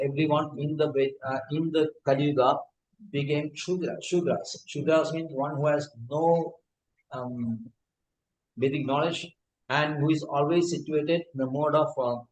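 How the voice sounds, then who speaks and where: A man giving a scripture lecture, pausing often with fillers and restarts. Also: a little high, a little hiss or hum. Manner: halting, frequent fillers and restarts. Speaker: spiritual teacher. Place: temple hall. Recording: echoey hall.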